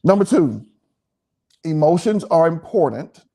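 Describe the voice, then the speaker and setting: Man, preachy, emphatic, animated pitch, warm dark tone. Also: measured pace. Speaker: pastor and co-host. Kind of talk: relaxed teaching chat.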